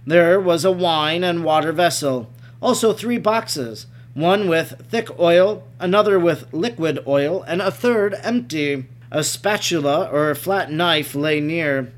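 A man narrates a religious text aloud with a measured, even delivery. His voice sits notably high for a man. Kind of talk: scripted narration of a devotional text.

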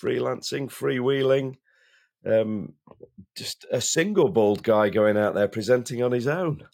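A man's voice: medium pitch, unhurried, creaky, a little mellow. A man, co-hosting a podcast while he has a cold, chatting and often repeating words as he starts a sentence. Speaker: podcast co-host. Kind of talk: casual chat.

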